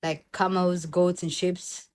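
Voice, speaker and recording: A young woman from Somalia, telling a personal story in a casual, animated vlog and acting out the other people's voices. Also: fairly low pitch, slow. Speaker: vlogger.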